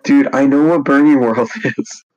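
A man's voice: mid-range voice, unhurried, a little mellow, dull audio, slight background noise. A young man co-hosting a casual podcast, laid-back and joking along with his friends. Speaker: podcast co-host. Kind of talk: casual chat.

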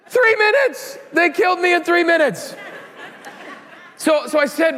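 A man in his thirties, a pastor giving a sermon, telling stories in an animated way with loud excited peaks. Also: high-pitched, a little fast, long reverb tail.

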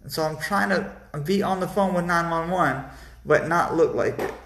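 A man telling a personal story casually, animated and halting, with many restarts. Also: on the high side, gravelly, echoey room.

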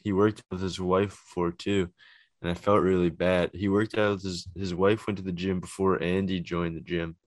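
Deep-voiced man in loose podcast chat. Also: flat delivery, moderate pace, dry recording. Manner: loose, laughing, trailing restarts. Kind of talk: casual chat.

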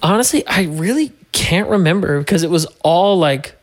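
A man's voice: high voice, expressive, moderate pace. Guy telling a story on a podcast, laughs a lot, does little voices for people. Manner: laughing often while recounting, puts on voices for others. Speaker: podcast guest. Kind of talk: casual interview storytelling.

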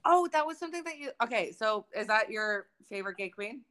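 A woman's voice: a little high, animated, brisk, fairly bright tone. A young woman co-hosting a podcast in casual chat, bubbly, laughing often and swearing freely. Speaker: podcast co-host.

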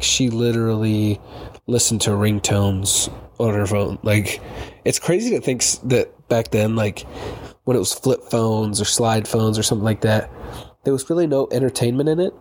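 A man's voice: on the low side, normal speed, a little hiss or hum. A young man hosting a solo podcast, chatting loosely and rambling, swearing freely and laughing at himself. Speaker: podcast host. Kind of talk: casual solo podcast chat.

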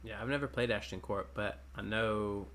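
A man's voice: on the low side, steady tone, a bit bright. A man co-hosting a podcast, talking in a jokey, teasing way. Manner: jokey, teasing, quick to laugh. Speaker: podcast co-host. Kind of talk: casual podcast chat.

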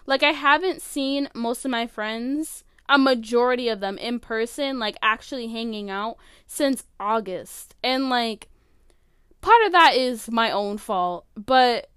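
A high-voiced young woman in her late teens runs her podcast from her bedroom, recording on a phone. Her voice is smooth and the sound is dry and close, with no room around it. She rambles in a loose, chatty way, packing her sentences with fillers and cutting herself off mid-thought. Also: a little slow, fairly bright tone, no room sound. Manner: rambling, filler-heavy, self-interrupting. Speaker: podcast host. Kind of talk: casual solo podcast chat. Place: bedroom at home.

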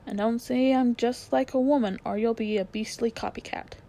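A woman voicing an indignant, quick-tempered young girl in a storybook reading, with sharp, cross retorts. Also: on the high side, fairly even intonation, gravelly.

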